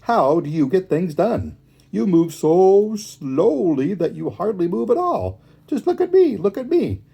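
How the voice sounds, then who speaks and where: A man voicing an impatient, boastful hare who talks fast and interrupts in a raised voice. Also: high-pitched, very animated, gravelly, warm tone, breathy edge, pitched above the performer's own voice, exaggerated voice. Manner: fast, bouncy, cutting others off.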